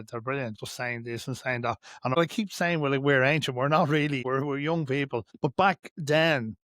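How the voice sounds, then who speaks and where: An Irish man hosting a podcast in easy, rambling chat with many fillers and encouraging asides. His voice is mid-pitched for a man and recorded dry and close. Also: fairly bright tone, no room sound. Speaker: podcast host. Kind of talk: casual chat.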